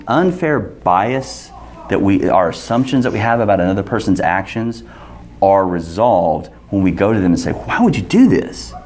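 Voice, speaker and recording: A man's voice: lowish voice, a little hiss or hum. A man leading an interactive Bible study, asking the group questions and restarting his sentences often.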